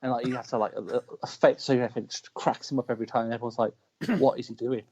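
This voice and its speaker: A man with a British accent, a wrestler telling ring stories in casual chat, animated and breaking into shouted lines. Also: mid-range voice, racing, breathy edge. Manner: animated, shouts quoted lines mid-story. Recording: dull lo-fi call audio.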